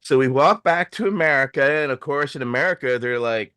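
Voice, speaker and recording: A man hosting a show, telling a long story in a casual, animated way, acting out the voices of people he quotes. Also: mid-range voice, a little fast, few pauses. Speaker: host.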